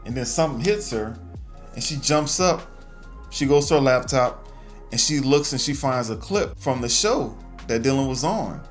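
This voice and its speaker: A man's voice: mid-range voice, expressive, moderate pace, soft background music. Laid-back man recapping a movie. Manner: laid-back, slangy storytelling with asides. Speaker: movie reviewer. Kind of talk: casual spoiler recap.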